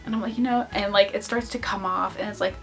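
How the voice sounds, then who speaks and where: A young woman tells an embarrassing story straight to her camera. She keeps it casual and rambling, full of "like" fillers, and her voice sits at an everyday middle pitch. Soft music plays faintly behind her. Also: steady tone, quick pace. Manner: chatty, lots of "like" fillers. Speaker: vlogger.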